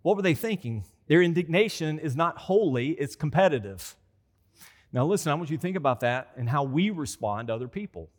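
A man's voice: a little high, animated, a little fast. A man preaching a conversational sermon as a pastor. He repeats phrases for emphasis and acts out quoted voices. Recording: long hall reverb.

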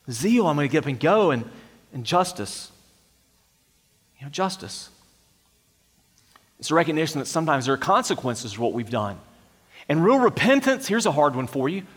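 A man's voice: a little high, fairly bright tone, long reverb tail. A man preaching a sermon, earnest and emphatic, asking rhetorical questions of his congregation. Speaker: pastor.

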